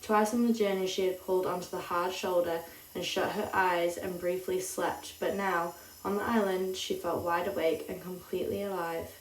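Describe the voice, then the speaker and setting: A woman reading a literary story aloud in a slow, calm, measured way. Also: fairly low pitch, a little hiss or hum. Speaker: audiobook reader. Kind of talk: scripted literary narration. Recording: roomy sound, distant mic.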